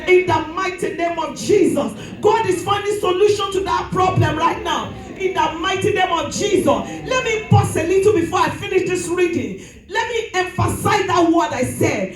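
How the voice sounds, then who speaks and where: A woman pastor, preaching a fervent sermon and often shouting. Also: very high-pitched, animated, normal speed. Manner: shouting, preaching with rising fervor. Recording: echoey hall with music.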